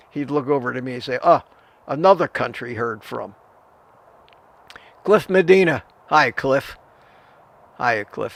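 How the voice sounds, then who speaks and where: Gravelly older man hosting a live chat. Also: mid-range voice, a bit bright. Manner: friendly, reads out and greets viewers by name. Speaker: livestream host answering viewer chat.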